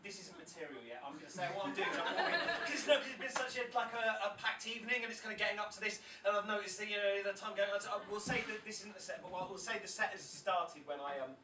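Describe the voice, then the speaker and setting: A man's voice: sits high, quick pace, few pauses, recorded from a distance, background noise. A man in his thirties from South-West England, performing an anxious, rambling, self-interrupting poetry set in a pub, often laughing at himself. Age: 30s. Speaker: poet performing a live set. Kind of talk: rambling stand-up poetry patter. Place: pub stage before a live audience. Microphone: stage microphone, often off-mic. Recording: echoey pub room from afar, crowd.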